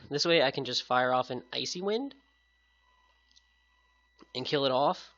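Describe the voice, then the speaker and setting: A man talking through a competitive game match in a casual, chatty way, his voice bright and a little sick-sounding. It comes through a headset mic with a dull, lo-fi sound. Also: medium pitch, lively intonation, slow. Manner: casual, upbeat, chatty with viewers. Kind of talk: casual gameplay commentary.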